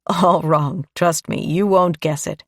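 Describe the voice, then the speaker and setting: A woman narrator voicing a gentle, playful grown man in an audiobook, relaxed and teasing. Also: fairly low pitch, takes it slowly, no room sound, studio quality. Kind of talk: audiobook dialogue.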